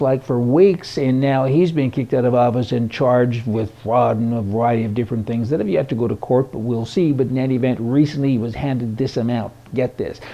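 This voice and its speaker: A man delivers opinionated news commentary in a folksy, sarcastic way, chuckling at his own jokes. His voice has a gravelly, creaky edge and sits at an ordinary pitch for a man. The recording sounds dull and lo-fi. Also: a little mellow. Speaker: host of a conservative news commentary show.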